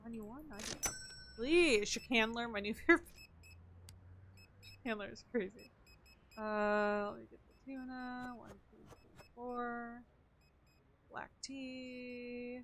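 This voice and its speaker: A woman's voice: fairly high pitch, fairly even intonation, slow pace, pauses often, fairly bright tone, a little hiss or hum. A young woman streaming a game, chatting casually to her viewers and muttering counts and item names as she plays. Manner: chatty, muttering counts and items while playing. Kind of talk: casual gameplay streaming chat.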